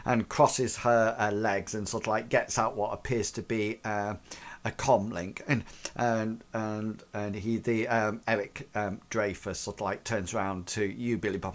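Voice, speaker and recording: A man's voice: lowish voice, flat delivery, a little slow. A man narrating a tabletop game as game master, rambling with many fillers.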